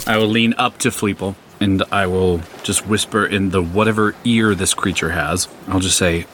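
A man's voice: sits low, steady tone, normal speed, hardly any pauses. A man playing a tabletop game, chatting in a playful, jokey way. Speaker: player. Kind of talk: casual chat. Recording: noisy recording.

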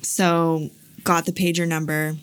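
A woman chatting casually as she tells a personal story, full of fillers and quick laughs, acting out the voices of the people in it. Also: low voice, flat delivery, smooth, dry recording.

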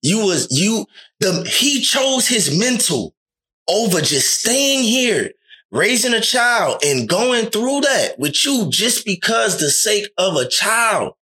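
A man chatting casually, animated and acting out the voices of the people he quotes. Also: high-pitched, slow pace. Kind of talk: casual chat.

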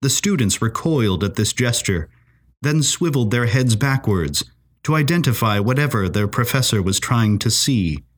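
A man reading a period story aloud in a measured, expressive narration. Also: medium pitch, husky.

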